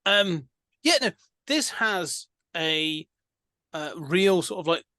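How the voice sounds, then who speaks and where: A man with a fairly high voice talks through a film on a podcast. He rambles and circles back, full of ums and restarts. The sound is close and dry, with no room in it. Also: animated, takes it slowly, sharp tone, no room sound. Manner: rambling, hesitant, many fillers and restarts. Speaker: podcast co-host. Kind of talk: casual film discussion.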